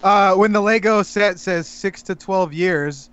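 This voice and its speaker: A man's voice: high-pitched, a little slow, fairly bright tone, clear, resonant tone, muffled recording. A man hosting a casual podcast, telling puns and laughing at his own jokes. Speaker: podcast host. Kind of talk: casual chat.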